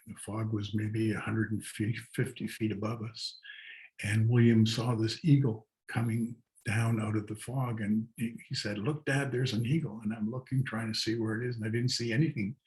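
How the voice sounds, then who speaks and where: An older man telling stories slowly and reflectively on a video call, with soft laughs. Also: fairly low pitch, little pitch movement, poor audio. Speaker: guest artist and storyteller. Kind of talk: storytelling talk.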